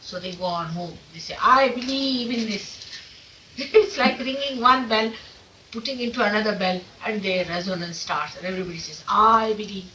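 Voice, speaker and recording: Woman spiritual teacher, forceful and emphatic, rhetorical questions; old off-mic tape with light hiss. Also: mid-range voice, fairly quick, distant mic, rough recording. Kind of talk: informal talk to followers. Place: meeting room of an ashram.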